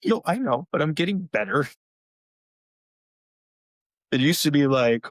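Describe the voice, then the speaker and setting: Animated dad coaching softball, dry mic. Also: male voice, on the high side, measured pace, no room sound. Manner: animated, acts out quotes in a raised voice. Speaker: podcast co-host, youth softball coach. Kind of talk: casual chat.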